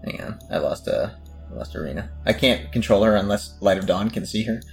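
Brief: male player, casual and joking, slightly low voice. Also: lively intonation, brisk, gravelly, soft background music. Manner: joking, offhand. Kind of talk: casual chat at a game table.

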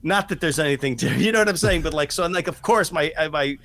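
Middle-aged guy on a podcast, kinda high voice, rambly, lots of um and like. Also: quick pace. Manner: rambling, animated, many restarts and fillers. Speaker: podcast guest. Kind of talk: casual storytelling chat.

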